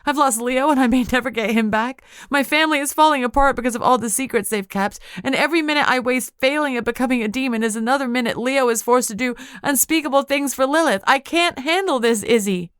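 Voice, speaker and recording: A woman's voice: mid-range voice, fairly quick, dry recording, studio quality, lightly acted. Lady doing a sobbing young witch girl, pleading, voice breaking. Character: distraught young witch heroine, the narrator.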